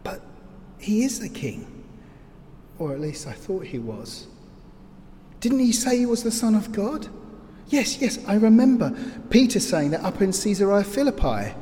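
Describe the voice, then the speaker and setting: A man's voice: high voice, sing-song, unhurried, long pauses, warm tone, pitched above the performer's own voice. A man voicing a grieving male disciple at the crucifixion, speaking as an anguished, questioning inner monologue. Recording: long hall reverb, faint ambient noise.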